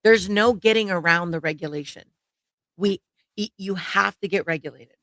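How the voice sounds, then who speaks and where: A gravelly, fry-laden woman's voice in a casual podcast chat, pressing her points by saying them again. The recording is close and dry. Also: medium pitch, brisk, fairly bright tone, dry recording. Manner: emphatic, repeats her points.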